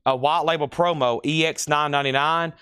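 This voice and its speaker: A man hosts a live record sale, listing each album's condition and price in a steady patter broken by chatty asides. His voice is smooth and clear, and sits a little high for a man. The sound is close and dry. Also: a little fast, no room sound.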